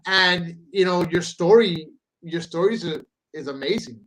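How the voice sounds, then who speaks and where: A man hosting a casual chat show, relaxed and easygoing, swearing now and then. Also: sits high, unhurried, low-quality recording. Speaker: host.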